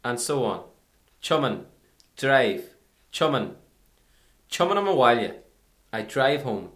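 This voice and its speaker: A man presenting a scripted language lesson, clearly repeating each example sentence for learners. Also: medium pitch. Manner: clear, careful repetition for learners. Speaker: language teacher.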